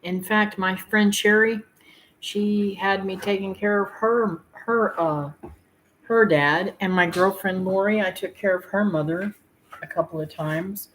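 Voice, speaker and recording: A middle-aged woman hosting her homestead channel, talking to her viewers in a heartfelt, rambling way with filler pauses and tearful moments. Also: medium pitch, steady tone, fairly bright tone, slight background noise, low-quality recording. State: tearful at times. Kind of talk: emotional personal talk to viewers.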